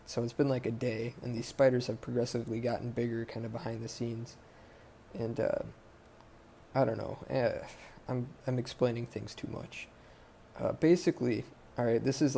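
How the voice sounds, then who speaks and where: A man's voice: mid-range voice, creaky, warm tone, slight background noise. A man hosting a podcast, casually recapping a movie plot in a rambling, profane way full of fillers. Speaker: podcast host.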